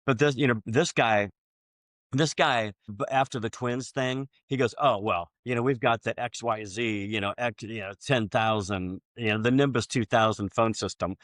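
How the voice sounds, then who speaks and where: A man hosting a podcast, chatting casually and acting out both sides of sales conversations, with many halting restarts. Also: mid-range voice, a bit bright, no room sound, studio quality. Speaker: podcast host.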